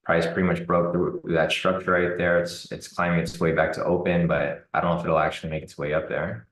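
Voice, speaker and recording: A man giving relaxed live commentary on a trading chart, thinking aloud with fillers. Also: low-pitched, a little fast, roomy sound, rough recording. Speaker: trading streamer.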